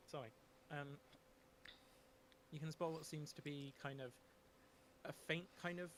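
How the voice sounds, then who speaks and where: A man narrating a tabletop game as game master, in a relaxed, rambling way with many fillers and restarts. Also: a little high, slow pace, a little hiss or hum.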